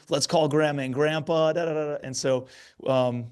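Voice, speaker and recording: A man's voice: a little high, fairly even intonation, moderate pace, clear, resonant tone. A man in his thirties hosting a podcast, chatting in an encouraging way about his young kids. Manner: warm encouraging, lots of affirmations. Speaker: podcast host. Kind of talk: conversational interview.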